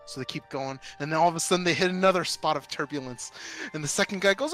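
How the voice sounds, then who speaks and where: Gamer guy telling a long joke, slightly higher voice, faint music under it. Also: fairly bright tone. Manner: drawn-out, repetitive joke telling with little voices. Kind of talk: casual joke storytelling.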